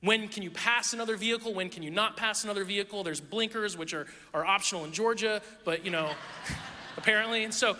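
A man in his thirties, a pastor preaching a sermon, telling animated, self-deprecating stories with a laugh. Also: high voice, fairly quick. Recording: long reverb of a large hall.

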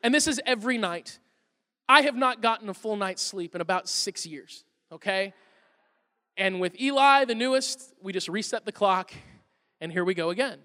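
A man pastor with a very high, bright voice tells humorous family stories in an Easter sermon. His words carry a long reverb from a large church hall. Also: expressive, normal speed. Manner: humorous storytelling, self-deprecating asides. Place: church auditorium.

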